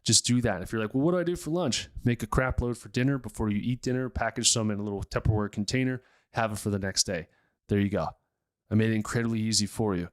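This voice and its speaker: A man's voice: lowish voice, fairly even intonation, fast talker. Blunt man giving health advice. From United States. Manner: blunt, emphatic, repetitive. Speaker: chiropractor-style health podcast host. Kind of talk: casual health advice talk.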